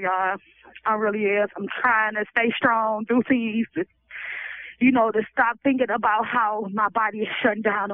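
A middle-aged woman in prison making an emotional, halting plea for help over the phone. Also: mid-range voice, no echo. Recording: dry, tinny phone line.

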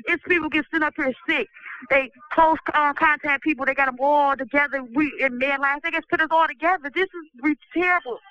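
A sick man with a swollen throat, giving a pleading, halting commentary from prison over the phone. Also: extremely high pitch, steady tone. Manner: pleading, distressed, halting restarts. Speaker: incarcerated person giving a recorded commentary. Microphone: telephone. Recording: muffled, dry prison phone line.

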